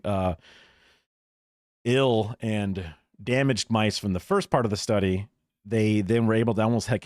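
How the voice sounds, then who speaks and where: Low-voiced man ranting on a livestream. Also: a little mellow, dry recording, studio quality. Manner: opinionated, profane rants mixed with chuckles. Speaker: livestream host. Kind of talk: casual live-stream reaction talk. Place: home streaming setup.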